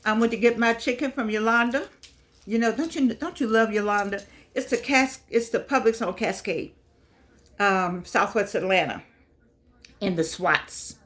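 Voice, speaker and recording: Older woman host, slightly high voice, effusive rambler, missing front teeth. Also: moderate pace, fairly bright tone. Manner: effusive, rambling, repeats phrases. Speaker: motivational vlog host. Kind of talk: casual chatty monologue.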